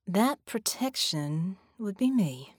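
A woman's voice: mid-range voice, big pitch swings, takes it slowly, breathy edge, dry recording, studio quality, exaggerated voice. A woman reading the part of a tough, confident female cyborg fighter in an audiobook, speaking cocky and grim.

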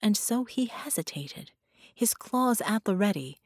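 A woman narrating a dramatic superhero audiobook in a measured, storytelling manner. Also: medium pitch, lively intonation, dry recording, clean studio sound.

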